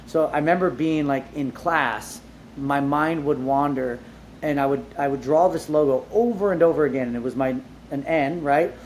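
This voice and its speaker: A man being interviewed, telling his life story in a casual, animated way, with lots of "like" fillers and casual swearing. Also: fairly high pitch, moderate pace, slight background noise. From Southern California. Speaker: entrepreneur guest.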